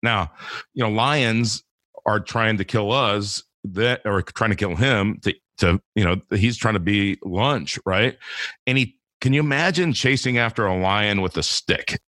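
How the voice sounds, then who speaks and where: A man's voice: on the low side, a little slow, a bit bright, dry recording, studio quality. A man talking casually about faith as a podcast guest, rambling with many restarts and fillers.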